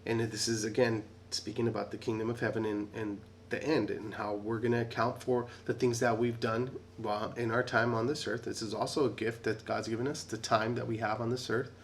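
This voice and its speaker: A man's voice: lowish voice, level tone, fairly quick, few pauses, a little hiss or hum. Conversational middle-aged man teaching the Bible. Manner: conversational, repeats "right?", restarts often. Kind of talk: casual Bible study talk.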